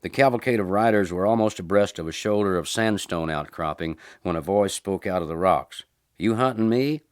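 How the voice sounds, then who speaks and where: A man narrating western short stories as an audiobook in an unhurried, low-key way. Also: no room sound, clean studio sound.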